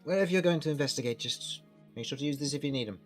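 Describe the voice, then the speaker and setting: A man's voice: mid-range voice, rapid-fire, faint music behind, pitched above the performer's own voice, lightly acted. A man voicing a helpful townswoman handing out potions in a tabletop game. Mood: kindly.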